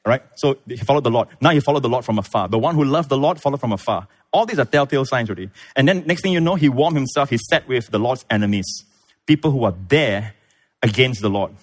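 A man preaching a sermon, retelling scripture with lively storytelling and acted-out voices. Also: fast. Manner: animated storytelling, acts out voices, big pitch swings. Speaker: pastor.

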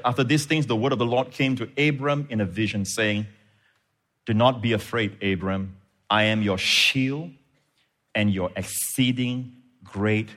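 A man's voice: mid-range voice, fairly bright tone. A man preaching a sermon as pastor, building fervor and punctuating with frequent amens.

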